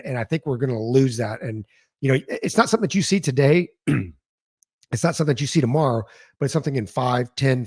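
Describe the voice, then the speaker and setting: A man's voice: medium pitch, dry recording, studio quality. A man co-hosting a podcast, talking casually with many fillers and repeated words. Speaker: podcast co-host.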